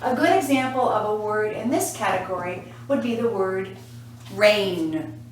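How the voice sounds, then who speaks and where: A woman's voice: mid-range voice, expressive, moderate pace, a little hiss or hum. A woman teaching English pronunciation in a lesson, speaking patiently and repeating each sound to model it. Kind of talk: classroom lesson to camera. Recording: echoey room, voice from a distance.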